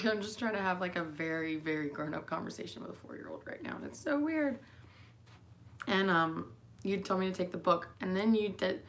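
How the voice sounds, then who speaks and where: Here a mother addresses her daughter in a rambling, meandering way, full of fillers and restarts. She is young and sounds tired, with a fairly low pitch, vocal fry, and a pushed, bright quality.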